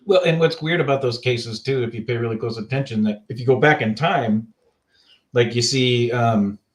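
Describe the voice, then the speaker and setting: A man's voice: mid-range voice, moderate pace, roomy sound. Loose, cursing man on a podcast. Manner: loose and profane, searching for words. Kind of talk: casual podcast chat.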